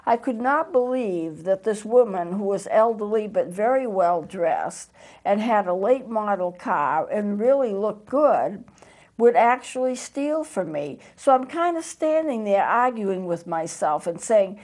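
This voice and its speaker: A woman's voice: mid-range voice, lively intonation, unhurried, darkish tone. Woman, pastor, TV host, earnest, conversational storytelling, hesitant restarts, studio.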